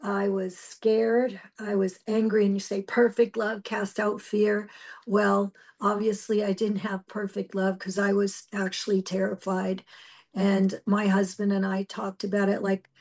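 A middle-aged woman preacher giving a personal testimony, telling her story earnestly and emotionally with halting restarts. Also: medium pitch, little pitch movement, a little mellow.

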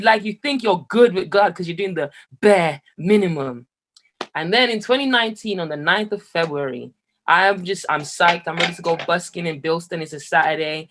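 A young man from Jamaica, telling his personal story as an interview guest, animated and laughing often. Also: high-pitched, a little fast. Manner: animated, laughs often, voice rises when excited. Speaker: guest, musician.

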